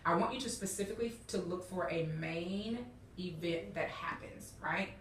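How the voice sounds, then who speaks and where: A woman's voice: lowish voice, moderate pace, slight background noise. A woman teacher guiding young readers, encouraging and checking in often with "okay?" and "all right?". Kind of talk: classroom instruction. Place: classroom. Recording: roomy classroom, mic far off.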